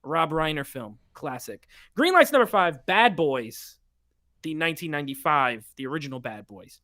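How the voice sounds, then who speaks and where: A podcast host chatting casually on a live stream, reading viewer picks aloud in a playful, animated way. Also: medium pitch, normal speed.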